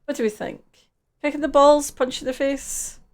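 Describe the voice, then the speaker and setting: A woman's voice: sits high, steady tone, moderate pace. A woman casually reading game text aloud and chatting through a live gameplay stream, swearing freely.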